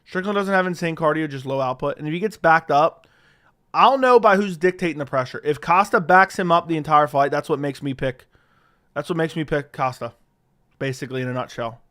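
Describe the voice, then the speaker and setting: This livestream host has a fairly bright, slightly high voice and speaks a little fast. Reading viewer questions out loud, he answers offhandedly and curses freely into his studio dynamic microphone.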